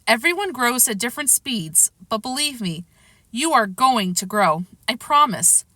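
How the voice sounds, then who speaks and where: Lady playing a patient storybook mom, soothing and coaxing, bright raised voice. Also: a little high, animated, measured pace, no echo, studio quality, full character voice. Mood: reassuring. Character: patient, reassuring mother of a young boy.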